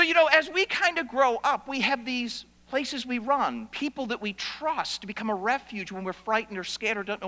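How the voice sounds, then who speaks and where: A man preaching a sermon, telling stories that swing from loud to hushed. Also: high-pitched. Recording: long reverb of a large hall.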